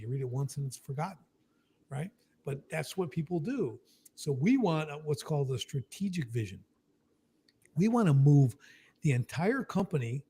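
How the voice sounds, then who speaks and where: Guy with kinda high husky voice, coaching business stuff, keeps saying right?. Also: warm tone. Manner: emphatic, keeps adding "right?", acts out quick dialogue. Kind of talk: casual explanatory talk.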